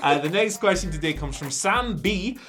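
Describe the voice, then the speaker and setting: A man hosting wrestling news, animated and quick to laugh, often restarting mid-sentence. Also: high-pitched, over music. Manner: animated, quick to laugh, talks over himself. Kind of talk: casual chat.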